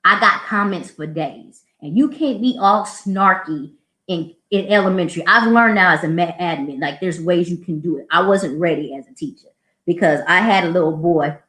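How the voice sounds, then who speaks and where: A woman who works as a school administrator, hosting a casual show and telling stories in a snarky, animated way. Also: fairly low pitch, moderate pace. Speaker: podcast host, school administrator. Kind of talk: casual storytelling. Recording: roomy echo.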